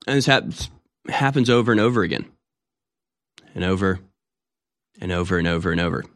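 A man's voice: low voice, animated, brisk, fairly bright tone. A man delivering an opinionated, sarcastic monologue with rambling restarts. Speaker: commentator.

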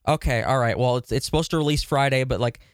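A man's voice: mid-range voice, fast, no room sound, studio quality. A man co-hosting a podcast, telling a long story in casual chat with lots of fillers, restarts and swearing. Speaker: podcast co-host.

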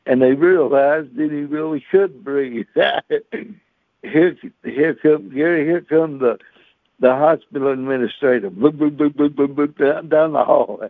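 A man's voice: on the high side, a little slow, no echo. A man, a radio chaplain telling a funny story in a sermon, laughing often and acting out other voices. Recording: tinny phone-line radio audio.

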